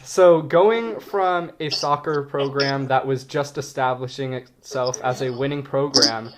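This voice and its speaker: A man's voice: mid-range voice, measured pace. Man asking questions over faint noise. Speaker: student interviewer. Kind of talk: interview questions.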